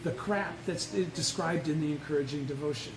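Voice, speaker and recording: A man's voice: fairly high pitch, fairly quick, gravelly. A man leading an informal Buddhist study lecture, blunt and emphatic, who keeps putting questions to the group. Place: indoor meeting room, live-streamed. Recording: echoey room with faint noise.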